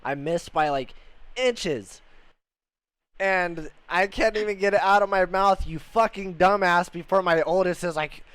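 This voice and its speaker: Young male host, smooth clear voice, blunt and profane, lots of "you know". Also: sits high, a little slow, a bit bright, no room sound. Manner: blunt, heavy swearing, many fillers. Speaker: podcast host, Marine veteran. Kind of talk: casual livestream chat.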